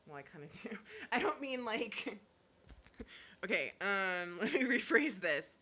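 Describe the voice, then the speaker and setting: A woman's voice: mid-range voice, big pitch swings, takes it slowly, sharp tone, husky. A woman YouTuber in casual live chat, reading viewer comments and giving blunt opinions, laughing often and apologizing half-jokingly.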